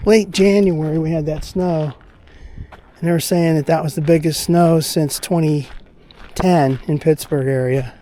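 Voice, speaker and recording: A man from Pennsylvania rambles along in a relaxed, unhurried chat while out walking a trail, offering his opinions as they come to him. His voice is mellow and warm. A faint outdoor hush sits underneath. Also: on the high side, slight background noise. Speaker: vlogger. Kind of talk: casual walking-vlog monologue.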